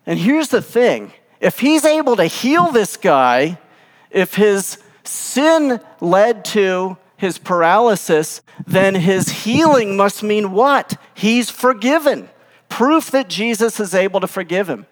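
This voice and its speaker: A man's voice: sits high, lively intonation, unhurried. A male pastor giving a casual sermon, telling the story with animation and acting out the lines he quotes. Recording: long hall reverb.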